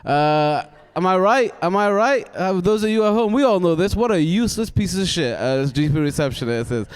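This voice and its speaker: Ranting stand-up comedian from Wales. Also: male voice, sits high, lively intonation, fairly quick, clean tone, long reverb tail. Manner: cantankerous, ranting, stammering restarts. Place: theatre stage before a live audience.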